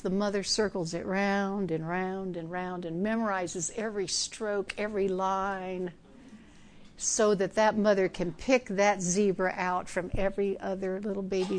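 A woman preaching a sermon in an earnest, emphatic way, dropping now and then to a soft hush. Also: medium pitch.

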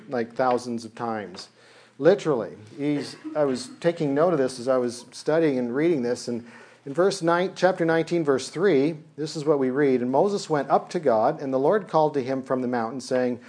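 A man delivers a sermon in an easygoing, conversational way. His voice sits at a middle pitch. He slips into humorous dialogue as he retells scenes from the text. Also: a little mellow. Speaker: pastor. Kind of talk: casual sermon.

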